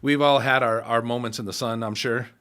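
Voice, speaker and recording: A man who works as a radio DJ, chatting as a guest on a comedy podcast. He tells stories in a loose, animated way and says "man" and "bro" a lot. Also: mid-range voice, brisk. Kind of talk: casual comedy podcast chat.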